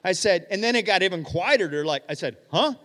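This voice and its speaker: Animated middle-aged male pastor preaching. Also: high-pitched, fast. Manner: animated storyteller, acts out dialogue, swings loud and hushed. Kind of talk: sermon with storytelling. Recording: reverberant hall.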